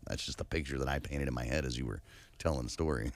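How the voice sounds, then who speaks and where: Deep-voiced, laid-back man. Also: fast, no echo. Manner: laid-back, agreeable, frequent short replies. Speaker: podcast co-host. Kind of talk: casual chat.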